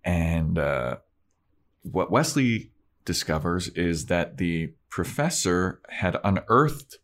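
Deep-voiced laid-back man recapping. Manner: laid-back, rambling, laughs often. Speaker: podcast co-host. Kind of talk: casual recap chat.

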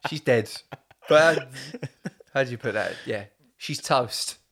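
A young man chats loosely on a podcast. His voice sits at an ordinary middle pitch. He rambles, swears freely and laughs through his stories. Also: slow, fairly bright tone. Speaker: podcast host. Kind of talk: casual chat.

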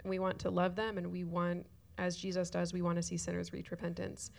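A woman's voice: on the low side, monotone, a little fast, creaky, a little mellow. A woman speaking earnestly in a shared church talk, tearful at times. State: crying at times.

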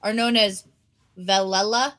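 Bright, giggly young woman chatting. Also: mid-range voice, measured pace. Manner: giggly, animated. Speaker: podcast co-host. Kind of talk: casual chat, reading news aloud.

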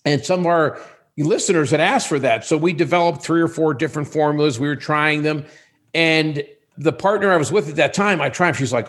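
A man's voice: a little high, fairly quick. A man in his sixties, a podcast guest, chatting casually and acting out the voices of people in his stories. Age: 60s. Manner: animated storyteller who acts out quoted dialogue. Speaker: guest, sexual wellness business owner.

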